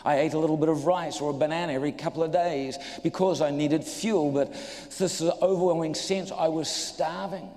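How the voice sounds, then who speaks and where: New man telling a lively testimony. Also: fairly high pitch, normal speed, hardly any pauses. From New Zealand. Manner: animated storyteller, acts out voices, jokes with audience. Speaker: preacher giving a testimony. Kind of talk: humorous sermon testimony. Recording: echoey hall reverb.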